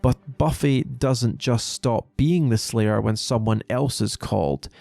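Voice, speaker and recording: A man narrating a lore video in a measured, explanatory way. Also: mid-range voice, gravelly, mellow, no room sound. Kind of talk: scripted narration.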